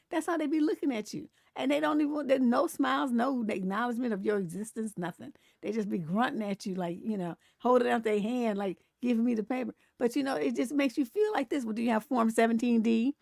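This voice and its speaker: Woman hosting a live stream, sassy, gravelly, kinda high, dry close sound. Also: no echo. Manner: animated, sassy, laughs often, mimics grumpy voices. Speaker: relationship coach and show host. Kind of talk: casual live-stream commentary reading memes.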